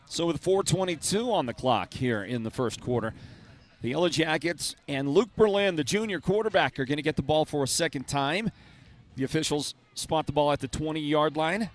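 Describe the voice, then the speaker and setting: A man calling live high school football play by play with brisk, energetic delivery. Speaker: play-by-play announcer.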